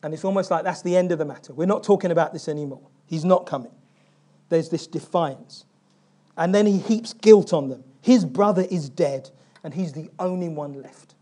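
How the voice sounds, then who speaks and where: A male pastor preaching a sermon, retelling a Bible story with animated asides and questions to the congregation. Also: fairly high pitch, normal speed. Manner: animated storytelling, acting out biblical figures' lines.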